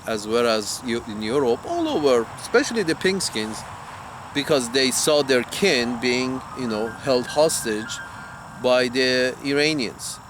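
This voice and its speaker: A man's voice: mid-range voice, background noise. Heated profane man ranting outdoors. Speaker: commentator. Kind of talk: ranting monologue.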